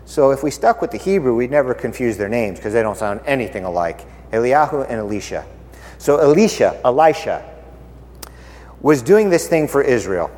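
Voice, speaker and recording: A man's voice: medium pitch, darkish tone, long reverb tail. A man preaching a casual, conversational sermon, playful and full of rhetorical questions, acting out the characters as he retells Bible stories.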